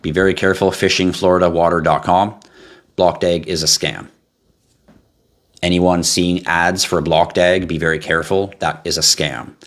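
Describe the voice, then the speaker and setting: A middle-aged man with a very low, deep voice hosts a crypto livestream. He talks casually and bluntly, answering viewer comments. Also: fairly bright tone. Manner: blunt, ranting, swears, laughs at himself.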